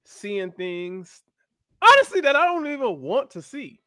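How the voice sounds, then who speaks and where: Male podcast co-host, AAVE, high lively voice, laughs a lot. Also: unhurried, no echo, studio quality. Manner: animated, laughs often. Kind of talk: casual chat.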